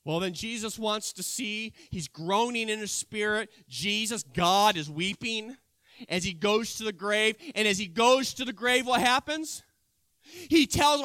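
A man preaching a sermon, retelling a scripture story with animated storytelling and emphatic bursts. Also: high voice, unhurried, no room sound, clean studio sound.

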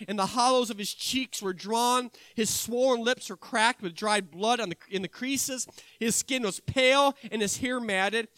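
A man, a college music teacher, telling a personal story in the first person, measured and often correcting himself mid-sentence. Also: very high-pitched, bright, forceful tone, clean tone, no room sound, rough recording. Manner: measured, with frequent self-corrections.

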